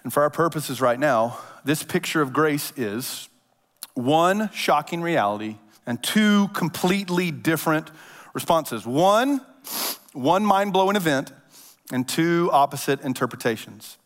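A man preaching a sermon in a casual, animated storytelling manner, acting out voices as he tells the story. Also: fairly high pitch, a little slow. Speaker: pastor. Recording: long hall reverb.

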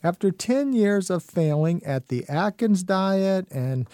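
A man's voice: sits high, expressive, slow pace, mellow, no room sound, clean studio sound. A man hosting a radio talk show, telling stories and urging listeners on in an earnest, motivational way with many fillers.

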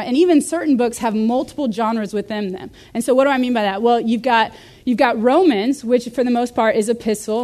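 Young woman, Bible study teacher, lively and conversational, slightly high voice. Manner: lively, conversational, uses rhetorical questions. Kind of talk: teaching a class.

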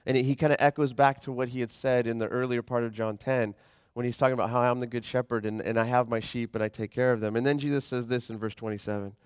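A man preaching a sermon as pastor in a conversational, animated way, slowing down when he reads scripture. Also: medium pitch, clean tone, dry recording, clean studio sound.

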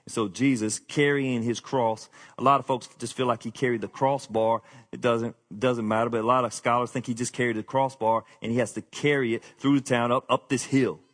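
A man's voice: medium pitch, fairly even intonation, fairly quick, hardly any pauses, fairly bright tone. A man preaching a sermon. He talks plainly and folksy, pushing his voice up for emphasis and easing back down for asides to the congregation. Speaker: pastor.

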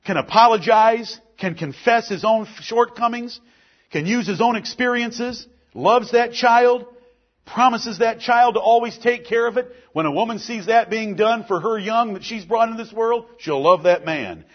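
A man's voice: extremely high pitch, normal speed, lo-fi sound. A man preaching a sermon as pastor, building emphasis through repeated lists.

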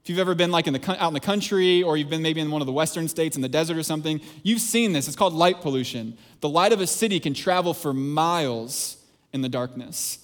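A man preaching a sermon to his church, earnest and emphatic. His voice sits a little higher than most men's, and he drives his points home through repetition before easing into softer, quieter asides. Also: fast talker. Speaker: pastor.

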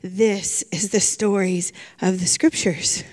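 A woman's voice: medium pitch, fairly even intonation, slow pace, darkish tone. A middle-aged woman pastor giving a sermon in an earnest way, repeating phrases for emphasis.

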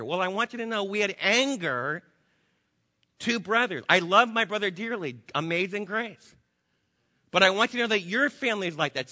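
A man's voice: high-pitched, bright, forceful tone, in a large hall. A man preaching a sermon to a congregation, emphatic, with rhetorical questions and repetition. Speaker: pastor.

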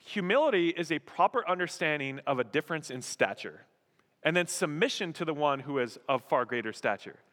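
Man, pastor, animated sermon, bright forceful voice, long hall reverb. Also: fairly high pitch, fairly quick. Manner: animated, acts out voices and exclamations.

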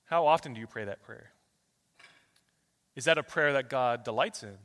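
A male pastor preaching a sermon, his delivery swinging between loud rapid bursts and soft slow passages as he runs through a long string of scripture verses. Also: medium pitch, in a large hall. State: out of breath.

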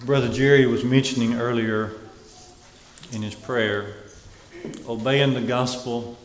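A man preaching a Sunday sermon, earnest and measured, with weighty pauses. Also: mid-range voice, a little hiss or hum. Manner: slow, earnest, emphatic pauses. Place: church sanctuary. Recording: echoey hall with faint ambience.

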